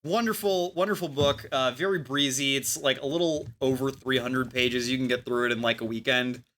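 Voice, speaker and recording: Bright-voiced guy on a book podcast, thinking out loud, lots of likes and uhs. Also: mid-range voice, steady tone, moderate pace. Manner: thoughtful, hedging with fillers. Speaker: podcast co-host. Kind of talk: casual book discussion.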